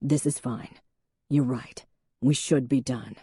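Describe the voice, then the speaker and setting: A woman's voice: fairly even intonation, slow, husky, no echo, clean studio sound, full character voice. Woman voicing a haunted man. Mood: quiet. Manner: forceful then low and quiet. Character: angry, haunted man who then goes quiet.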